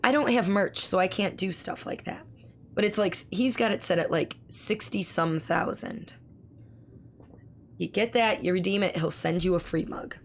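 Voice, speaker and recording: Hoarse, gravelly woman streamer. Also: medium pitch, a little hiss or hum. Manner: speaks slowly and carefully to spare her voice; reads viewer messages aloud and answers them. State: hoarse from laryngitis. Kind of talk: casual live-stream chat.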